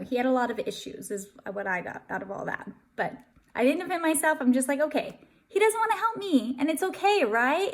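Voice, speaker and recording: Youngish woman, kinda high voice, super earnest vlog advice, really leans on her points. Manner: earnest and emphatic, addresses viewers as you guys. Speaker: vlogger giving relationship advice. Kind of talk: casual direct-to-camera talk.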